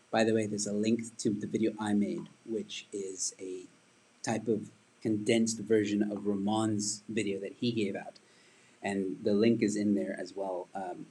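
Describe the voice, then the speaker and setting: Husky-voiced man chatting on a livestream. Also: lowish voice, warm tone, rough recording. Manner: rambling, chatty, reads and answers viewer comments. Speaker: livestream host and stand-up comedian. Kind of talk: casual livestream chat.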